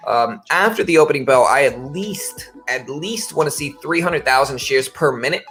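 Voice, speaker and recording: Bright-voiced laid-back man, faint Louisiana twang. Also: medium pitch, lively intonation, moderate pace, soft background music. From Baton Rouge, Louisiana. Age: 30s. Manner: rambling, laid-back, says "bro" and "you know". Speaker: trading livestream host. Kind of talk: casual livestream chat. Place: home office.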